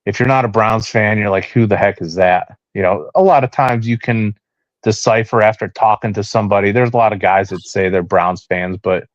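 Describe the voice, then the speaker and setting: A man's voice: on the low side, steady tone, brisk, dry recording. A man co-hosting a casual sports podcast, talking in a rambling way with lots of fillers and restarts. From Cleveland, Ohio area. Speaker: podcast co-host. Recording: dull, dry lo-fi sound.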